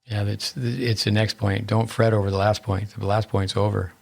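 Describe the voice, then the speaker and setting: A man's voice: fairly low pitch, flat delivery, moderate pace, gravelly, darkish tone. A man hosting a tennis podcast, asking his guest questions and adding his own coaching remarks. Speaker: podcast host. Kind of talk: podcast interview.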